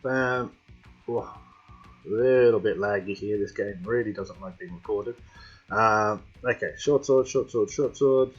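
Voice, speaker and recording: A man's voice: on the low side, breathy edge. A man hosting a gaming channel, chatting casually as he plays, talking to himself and the game. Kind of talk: casual let's-play commentary. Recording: slightly dull lo-fi home mic with faint music.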